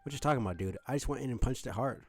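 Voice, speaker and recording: A man's voice: mid-range voice, racing, a little mellow, faint music behind, natural voice. A man voicing a brash young brawler who talks in laid-back slang. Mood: cocky.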